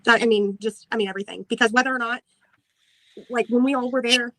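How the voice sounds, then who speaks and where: A woman's voice: fairly high pitch, fairly even intonation, quick pace, fairly bright tone, dry recording, rough recording. A woman in casual livestream chat, agreeable and hesitant, often trailing off with fillers. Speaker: livestream co-host.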